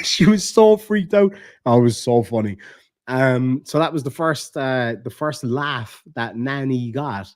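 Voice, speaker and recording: An Irish man, a comedian and online creator, telling stories casually on a live stream, animated and chatty, swearing freely and laughing at his own tales. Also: medium pitch, moderate pace.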